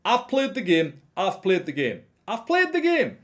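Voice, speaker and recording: A man's voice: high voice, huge pitch swings, a little slow, pitched above the performer's own voice, heavily acted. Brief: a man impersonating a middle-aged pundit ranting on a loop, raised voice. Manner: repetitive, insistent ranting.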